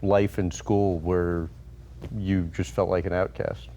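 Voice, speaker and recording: A man who is the interviewer, asking questions in a relaxed, conversational way. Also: sits low, slow pace.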